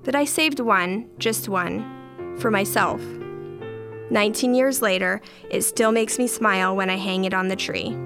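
A woman's voice: mid-range voice, a little slow, over loud music. A middle-aged woman narrating a first-person story in a dry, wry way.

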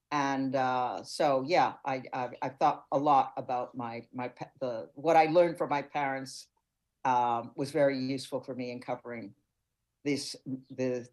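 Older woman reporter talking it through slowly, thoughtful, hunts for words. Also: rumbling low, poor audio. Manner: reflective, searching for words. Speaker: foreign correspondent guest. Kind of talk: radio interview answers.

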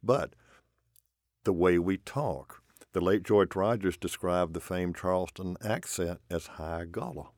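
Deep-voiced male radio host. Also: unhurried, a little mellow, dry recording, studio quality. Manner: conversational, explanatory, folksy. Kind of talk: radio interview. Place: radio studio.

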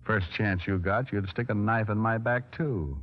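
A man with a rather low voice takes his time as he acts the part of a cocky, wisecracking private eye in a 1940s radio drama. His tone is teasing yet accusing, heard through a muffled old radio broadcast.

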